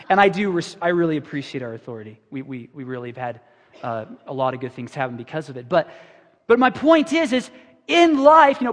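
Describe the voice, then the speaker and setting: A man's voice: sits high, fairly bright tone. A middle-aged man preaching a sermon as pastor, conversational and self-deprecating, acting out his own prayers. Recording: reverberant church hall.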